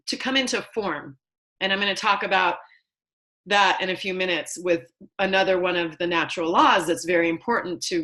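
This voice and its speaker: A woman's voice: medium pitch, pushed and bright, poor audio. A woman teaching an online motivational class, earnest and emphatic as she tells personal stories. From lives in Los Angeles. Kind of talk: motivational lesson.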